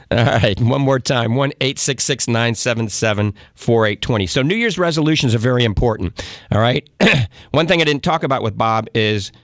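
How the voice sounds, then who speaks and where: Folksy Cajun radio host, dry mic. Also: male voice, medium pitch, moderate pace, dry recording. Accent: Cajun New Orleans. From Louisiana. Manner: chatty, folksy, keeps saying "all right?". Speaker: radio talk show host and doctor. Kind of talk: live call-in radio talk.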